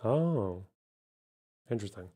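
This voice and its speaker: A man's voice: lowish voice, animated, slow, mellow. A man hosting a live stream, chatting casually and swearing freely. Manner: laid-back, swears casually. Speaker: streamer host. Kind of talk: casual chat.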